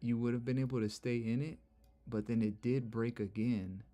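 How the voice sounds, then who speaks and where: A man's voice: mid-range voice, fairly even intonation, normal speed, mellow. A young man hosting a casual live stream, chatting loosely and repeating himself while explaining charts to viewers. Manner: chatty, repeats "look" and "bro". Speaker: livestream trading host.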